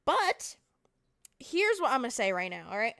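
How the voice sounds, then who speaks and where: A woman's voice: a little high, very animated, moderate pace, bright, forceful tone. A young woman streamer recapping a game to her chat, telling the story with mock outrage, laughter and swearing.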